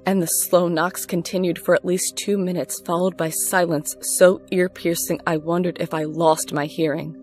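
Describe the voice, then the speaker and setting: A woman reading a first-person horror story aloud in a measured storytelling delivery. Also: lowish voice, flat delivery, darkish tone. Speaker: narrator. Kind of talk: scripted horror story narration. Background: faint music.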